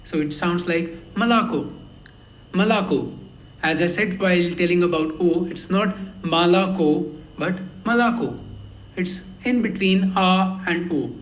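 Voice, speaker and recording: Male tutor, high voice, slow and careful delivery with many repetitions, echoey room. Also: fairly even intonation. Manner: slow and careful, repeats words for pronunciation. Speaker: language learner teaching lessons. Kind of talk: slow explanatory lesson.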